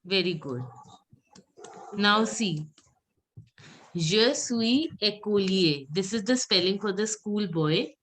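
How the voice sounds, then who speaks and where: A woman leads an online pronunciation class. She speaks slowly and patiently at a middle pitch and repeats each word for her students. Her voice comes through a video call. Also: a bit bright, a little hiss or hum. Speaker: French teacher.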